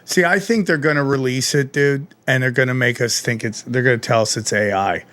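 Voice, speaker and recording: A man hosting a podcast in casual, animated chat, swearing freely and calling people "dude". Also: medium pitch, a little fast. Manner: animated, profane, says "dude" often. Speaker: podcast host.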